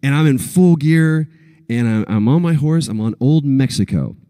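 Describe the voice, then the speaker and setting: On stage at a convention panel in a large hall, a panel guest in his thirties from Texas tells an animated story, acting out quotes with big leaps in pitch. He talks at a moderate pace, and the sound is clean studio quality with no room sound.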